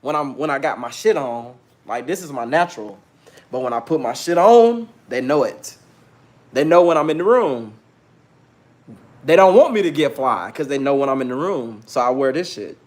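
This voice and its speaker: A man's voice: mid-range voice, lively intonation, normal speed, a little mellow. A man in his thirties hosting a casual livestream, talking brashly and preaching at his viewers, challenging chat to answer him. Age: 30s. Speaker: livestream host.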